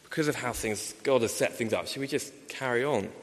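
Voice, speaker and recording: A man preaching a sermon in a church, measured, with many "uh" fillers and rhetorical questions. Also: medium pitch. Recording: long reverb of a large hall.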